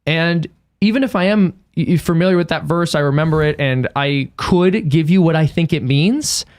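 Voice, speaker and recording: A young man talking as a podcast guest, earnest and quick to laugh, often correcting himself mid-sentence. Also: fairly high pitch, a little mellow. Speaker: guest, cartoonist. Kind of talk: casual podcast chat.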